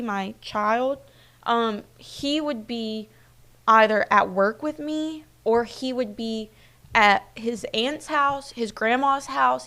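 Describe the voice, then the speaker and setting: A woman's voice: on the high side, creaky, a bit bright. A woman in her twenties hosting a streamed local news show, talking in a chatty, personal way with many fillers. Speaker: news host. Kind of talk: casual live-stream news chat.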